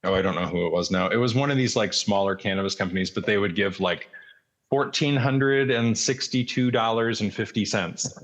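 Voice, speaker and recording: A man's voice: on the low side, a little fast, a bit bright. A man in casual chat as a podcast guest, easygoing, explaining politics plainly.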